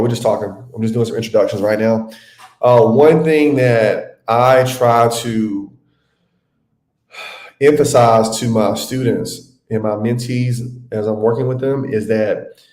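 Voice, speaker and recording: A man's voice: on the low side, mellow. A man hosting a live webinar as a mentor, chatting casually with viewers and calling them by name. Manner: chatty, addresses viewers by name, says y'all. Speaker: webinar host and adjusting mentor. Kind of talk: casual live-stream teaching. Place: home room. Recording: roomy live-stream audio.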